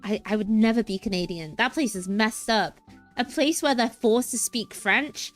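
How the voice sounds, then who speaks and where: A woman's voice: mid-range voice, moderate pace, faint music behind. A young woman streamer chatting casually and playfully, rambling and giggling between thoughts. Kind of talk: casual livestream chat.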